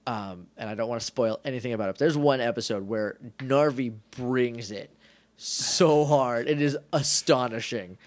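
A man co-hosting a podcast in casual chat, playful and quick to put on silly voices when he retells scenes. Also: medium pitch, dry recording. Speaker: podcast co-host.

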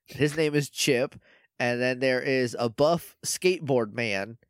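A man's voice: mid-range voice, slow, no room sound, clean studio sound. A man co-hosting a podcast, chatting casually and laughing often, with plenty of fillers as he trails off. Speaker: podcast co-host. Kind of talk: casual chat recapping a TV episode.

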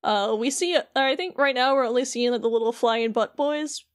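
A woman's voice: a little high, normal speed, clean tone. A woman co-hosting a podcast, chattily recapping a video game with lots of fillers. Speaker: podcast co-host.

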